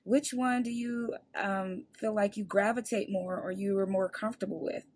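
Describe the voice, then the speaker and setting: A woman's voice: mid-range voice, fairly even intonation, normal speed, a little mellow, dry recording. A woman hosting an interview podcast, asking questions in a playful, easygoing way. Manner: playful, laughing easily. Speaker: podcast host. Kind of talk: casual interview chat.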